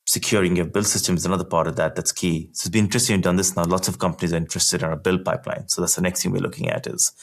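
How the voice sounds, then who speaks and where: A man with a very low voice and a gravelly, fry-edged tone, speaking as a podcast guest. He explains technical topics in a relaxed, conversational way. His sentences run loose, with plenty of "like" and restarts. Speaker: podcast guest, engineering executive.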